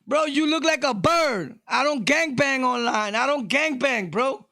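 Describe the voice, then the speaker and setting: A middle-aged man with a New York accent, ranting casually to his viewers, loud one moment and low the next. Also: unhurried, no echo, studio quality. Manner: loud, shifting between shouting and low talk. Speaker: vlogger. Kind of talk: casual rant to camera.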